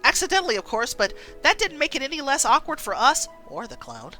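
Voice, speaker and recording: A woman voicing an earnest young woman reporter in a story game, pleading and upbeat, pitched high. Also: sing-song, fairly quick, sharp tone, faint music behind, full character voice.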